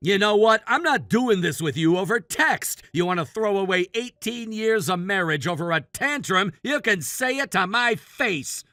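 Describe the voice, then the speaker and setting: A man's voice: sits high, lively intonation, moderate pace, hardly any pauses, pushed and bright, no echo, studio quality, exaggerated voice. A man voicing an exasperated middle-aged husband in a dramatized text-story reading, impatient and scolding.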